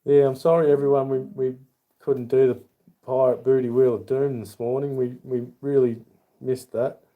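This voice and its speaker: A man's voice: mid-range voice, little pitch movement, moderate pace, narrow, tinny audio. An Australian man hosting a casual livestream, rambling in a friendly way as he answers chat by name and calls people mate. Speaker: livestream host.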